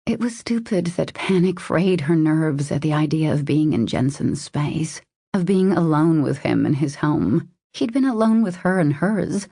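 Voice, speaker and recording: Low, gravelly woman narrating. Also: animated, unhurried, mellow, no echo, studio quality. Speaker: audiobook narrator. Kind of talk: scripted romance narration.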